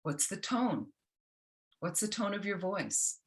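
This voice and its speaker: A woman teaching a self-compassion workshop, gentle and instructional, often checking in with the group. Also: medium pitch, big pitch swings, takes it slowly. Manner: gentle, keeps checking in with "okay?".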